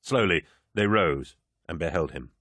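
A man narrating an audiobook in a measured, even storytelling manner. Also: low voice, no room sound. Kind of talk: scripted narration.

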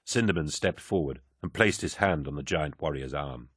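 Very deep husky male narrator. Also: expressive, normal speed, few pauses, a bit bright, no room sound, studio quality. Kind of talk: scripted audiobook narration.

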